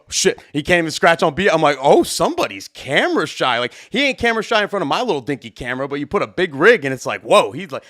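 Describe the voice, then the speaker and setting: Casting: young male wedding DJ, mid-pitched, dry close sound, loose excitable storyteller who swears and rambles. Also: no room sound. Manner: rambling, profane, filler-heavy, excitable. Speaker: wedding DJ and show host. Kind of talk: casual storytelling.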